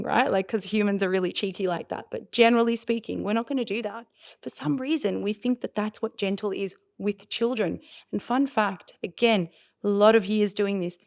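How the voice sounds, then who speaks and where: Woman, 40s, parenting coach; gravelly, animated, storytelling delivery. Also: medium pitch. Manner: expressive, acts out voices of parents and kids. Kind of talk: animated explaining in a podcast interview.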